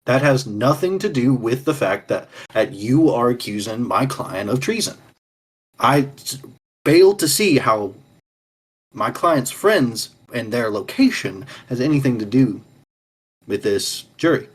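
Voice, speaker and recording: A persuasive male defense lawyer with a slightly husky voice at a middling pitch, as a man plays him. He pleads his case in measured courtroom phrasing during a tabletop game role-play. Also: lively intonation. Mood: objecting.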